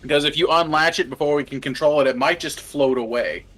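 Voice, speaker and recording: Wry, bright-voiced man at the game table. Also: fairly high pitch, fast, soft background music. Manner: wry, self-deprecating. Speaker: player.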